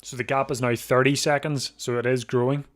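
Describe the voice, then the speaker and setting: A man's voice: medium pitch, little pitch movement. A man hosting a live watch-along of a bike race, chatting casually with frequent restarts, sleepy and yawning. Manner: chatty, thinks aloud with restarts, quick to laugh. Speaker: live stream host.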